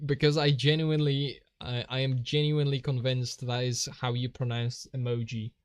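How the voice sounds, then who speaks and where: A man's voice: medium pitch, flat delivery, moderate pace, clear, resonant tone, no echo. A young man with a Polish accent, chatting casually on a drawing stream, laughing often. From Poland. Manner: giggly, laughs often, reads out chat. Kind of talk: casual live-stream chat while drawing.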